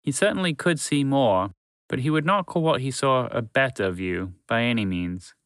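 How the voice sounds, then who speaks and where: A man narrating a children's story in a calm, measured, friendly way. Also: mid-range voice, no echo.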